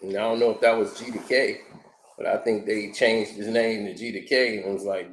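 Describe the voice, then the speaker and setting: Animated man telling stories in an echoey room. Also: fairly low pitch, normal speed. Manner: animated storytelling, acts out quotes, laughs often. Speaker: commentator reacting to an interview. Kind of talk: casual commentary.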